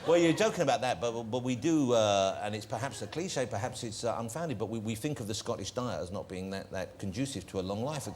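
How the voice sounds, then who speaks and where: A man hosting a talk show, chatty and quick, asking questions that tumble out with restarts. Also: lowish voice, expressive, noisy background. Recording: TV studio with live audience.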